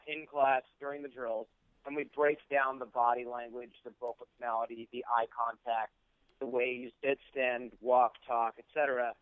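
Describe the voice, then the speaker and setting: A man's voice: medium pitch, clear, resonant tone, no echo. A man guesting in a radio interview who explains his coaching in fluent, polished sentences. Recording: tinny phone line.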